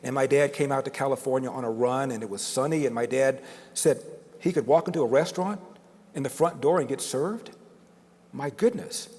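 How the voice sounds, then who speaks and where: A man's voice: medium pitch, brisk, a little mellow. An older man giving a storytelling speech to an audience, dramatic and building emphasis through repetition. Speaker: guest speaker. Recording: long reverb of a large hall.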